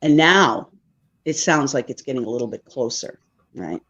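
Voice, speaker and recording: A woman's voice: extremely low pitch, animated, moderate pace, a bit bright, slightly rough. Woman, podcast guest, loose chatty storyteller, dull lo-fi recording. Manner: rambling, checks in with "right?". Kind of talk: casual storytelling.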